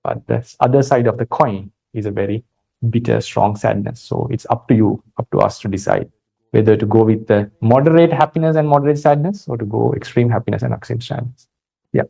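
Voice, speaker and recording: A man with a Sri Lankan accent giving a calm Buddhist dharma talk, retelling a story with many fillers and restarts. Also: medium pitch, brisk, vocal fry, husky, rough recording. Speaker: Buddhist monk teacher.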